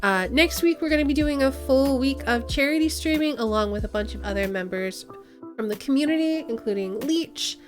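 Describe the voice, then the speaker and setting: A woman's voice: high-pitched, fairly quick, soft background music. A woman streamer wrapping up a stream in casual, meandering chat, often giggling.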